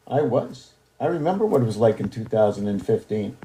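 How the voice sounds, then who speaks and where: A man's voice: on the low side, lively intonation, fairly quick, few pauses, background noise. A man in a rambling, casual monologue who talks to his cats in a raised, coaxing voice and jumps between loose ideas.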